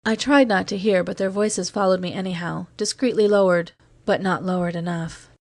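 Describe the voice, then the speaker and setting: A woman narrating a science fiction audiobook in a steady, measured reading. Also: lowish voice, no echo, studio quality.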